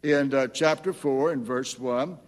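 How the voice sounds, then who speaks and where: A man's voice: mid-range voice, unhurried, big-room sound. An older man preaching a sermon as pastor, earnest and emphatic as he reads scripture.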